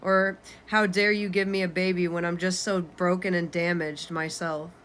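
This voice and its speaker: A woman's voice: fairly low pitch, flat delivery, moderate pace, a bit bright, slight background noise. A woman in her twenties reading her own journal aloud, candid and unfiltered, swearing casually. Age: 20s. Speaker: vlogger.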